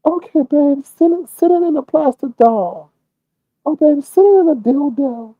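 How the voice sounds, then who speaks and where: High falsetto woman, as a man puts her on, syrupy and slow, cooing pet names, flirty and begging, dull muffled stream audio. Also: expressive, no room sound. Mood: wheedling. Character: flirty woman sweet-talking a man for money.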